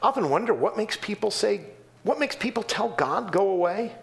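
A man's voice: fairly quick, creaky, a little hiss or hum. A man preaching a sermon in a church, acting out the voices of the people he quotes and answers from the pews. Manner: animated, acts out quoted voices with sudden pitch jumps. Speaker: pastor.

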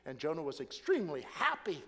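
Man, preacher, high voice, very animated, hushed to shouting, long hall reverb. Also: quick pace. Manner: dramatic, swings from hushed to shouting; acts out quoted prayers with rising passion. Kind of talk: sermon.

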